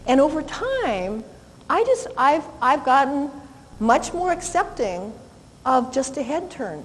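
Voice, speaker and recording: A woman's voice: high voice, very animated, normal speed, a little hiss or hum. Cheerful woman dog trainer in a hall. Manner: cheerful, talks to the dog in a sweet voice. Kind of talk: live training seminar demonstration.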